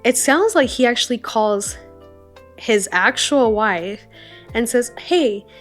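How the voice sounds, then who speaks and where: A young woman with a slightly high voice tells a travel story in a loose, chatty way, full of fillers and quick asides. Soft lo-fi music plays quietly under her voice. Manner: chatty, animated retelling with lots of fillers. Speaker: travel vlogger. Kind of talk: casual storytime.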